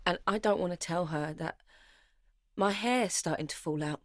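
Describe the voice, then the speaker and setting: An actress with a fairly low, everyday-sounding voice plays a young woman playwright, anxious, grieving and bitter, narrating her life in an intense, confessional first person. Her mood is weary. She speaks at normal speed in a studio-quality recording with no echo.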